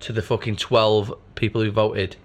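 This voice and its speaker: A man's voice: on the low side, little pitch movement, normal speed. A man co-hosting a podcast, chatting casually in a dry, teasing way and swearing now and then. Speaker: podcast co-host. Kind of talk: casual chat.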